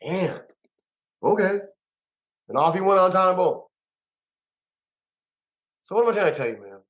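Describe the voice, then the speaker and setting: A man, a musician and producer, telling stories in an interview with an emphatic, animated way of talking and lots of repeated words. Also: high-pitched, moderate pace, low-quality recording. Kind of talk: storytelling interview.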